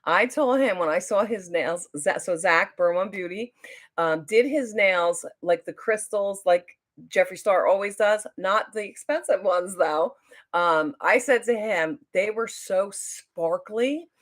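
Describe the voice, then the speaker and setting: A middle-aged woman hosting a YouTube live stream tells a long story, chatty and rambling, full of fillers and restarts. Her mid-range voice moves at a measured pace.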